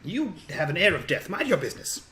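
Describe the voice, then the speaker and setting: A man's voice: high voice, big pitch swings, quick pace, pushed and bright, husky, pitched above the performer's own voice, full character voice. A man voicing a sassy, impatient young girl in a tabletop game, pouty and demanding. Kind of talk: tabletop role-play.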